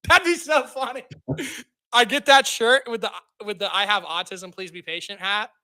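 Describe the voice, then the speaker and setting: Bright high-voiced joking streamer man. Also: normal speed. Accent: non-Southern American. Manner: excitable, joking, bursts into loud mock outrage. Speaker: streamer host. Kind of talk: casual livestream chat.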